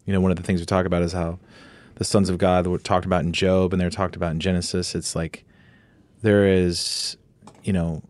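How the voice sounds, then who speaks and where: A man, a guest co-hosting a podcast, chatting casually and explaining his ideas in an animated, rambling way. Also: deep voice, fairly quick, no echo. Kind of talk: casual conversation.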